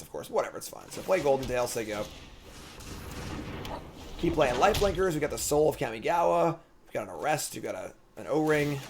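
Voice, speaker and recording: Give me a young man streaming a card game, joking as he plays, with lively pitch and background noise. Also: creaky. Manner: joking, talks to himself and the opponent. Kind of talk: casual gameplay commentary.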